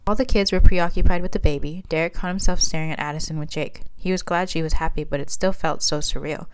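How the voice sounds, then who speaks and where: A woman reads her own fan fiction aloud in a plain, even manner. Her voice sits low. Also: fast, clean tone. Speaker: reader and writer of fan fiction.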